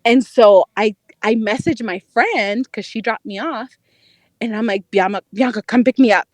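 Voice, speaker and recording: A young adult woman on a podcast, telling a dating story in a casual, animated, profane way, often breaking into laughter. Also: fairly high pitch, normal speed, no room sound. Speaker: podcast co-host, dating correspondent.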